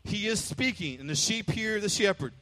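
A man's voice: sits high, animated, normal speed, sharp tone. A man preaching a sermon as pastor, emphatic and call-and-response, with playful asides.

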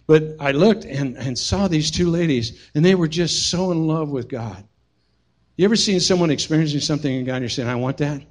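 A middle-aged man preaching a sermon as pastor, telling a personal story and swinging from hushed to shouting. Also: a little high, brisk.

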